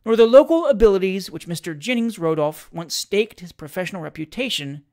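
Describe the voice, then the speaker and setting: A reader narrating a comic classic story aloud. The delivery is lively and theatrical, with a dramatic sense of timing. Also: medium pitch, a little fast. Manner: lively, theatrical narration with shouted character lines.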